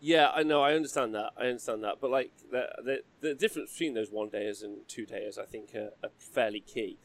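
A man hosting a casual hobby livestream, chatty and quick to laugh as he reads out donations. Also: medium pitch. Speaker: livestream host.

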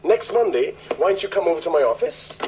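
An actor plays a prim city accountant who politely dodges every invitation, his voice rising and falling with animated swings. He sounds a touch high for a man. The sitcom audio comes through with a clear hiss behind it. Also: fast, lightly acted. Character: fussy city-loving male accountant, adult. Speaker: sitcom character. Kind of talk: sitcom acting. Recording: hissy old TV clip.

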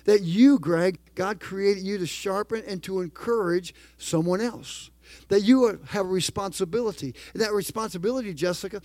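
A man's voice: high voice, darkish tone, no echo. A middle-aged man preaching a sermon as pastor, emphatic and calling out to the congregation for responses.

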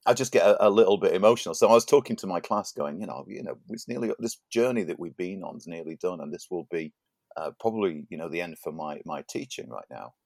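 A man's voice: sits low, lively intonation, fast, vocal fry, darkish tone, no room sound, studio quality. A man co-hosting a podcast in casual chat, laughing often and tripping over his words. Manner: chatty, laughs often, stumbles and repeats words. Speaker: podcast co-host.

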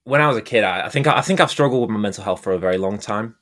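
A man's voice: on the low side, expressive, rapid-fire, fairly bright tone. A young man from Staffordshire, a guest on a podcast, talking in a candid, earnest way with a stuffy, nasal voice from a cold. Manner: earnest, candid, laughs easily. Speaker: guest, mental health advocate. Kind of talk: podcast interview.

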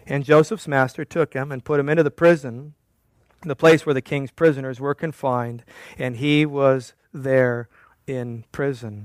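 A man's voice: medium pitch, steady tone, unhurried, no echo. A man preaching a sermon in a church, with a conversational, wry manner that teases the congregation. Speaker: pastor.

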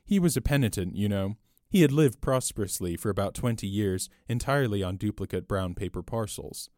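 A man reading aloud and voicing a small, mild older priest with a gentle, apologetic, quietly shrewd manner. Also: lowish voice, lively intonation, brisk, no room sound, clean studio sound, close to an everyday voice.

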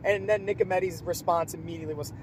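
A man's voice: high voice, fast, a little hiss or hum, rough recording. Profane, laughing man chatting in a car. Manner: profane, animated storyteller who laughs often. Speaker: podcast host and wrestler. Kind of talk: casual chat. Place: inside a car on a road trip.

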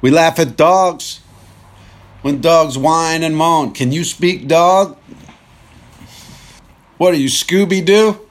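A man's voice: on the high side, slow pace, long pauses. A man hosting a countdown show, talking casually from his car and joking as he thinks aloud. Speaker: show host. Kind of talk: casual rambling monologue.

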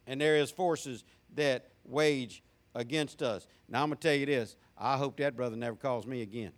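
A man's voice: mid-range voice, moderate pace. A man preaching a sermon as pastor, building intensity with emphatic repetition.

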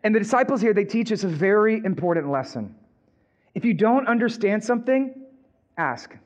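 A man's voice: high voice, lively intonation, normal speed. A male pastor preaching a sermon in a casual, conversational way, repeating and restarting phrases.

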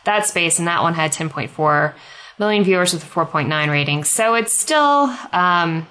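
A woman's voice: on the low side, expressive, moderate pace, sharp tone, low-quality recording. A woman hosting a podcast, chatting casually and rambling with many fillers. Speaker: podcast host. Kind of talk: casual chat.

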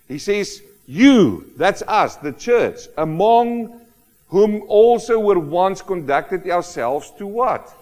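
A man preaching a sermon, emphatic and animated, often asking rhetorical questions of the congregation. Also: high voice, slow pace. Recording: long hall reverb.

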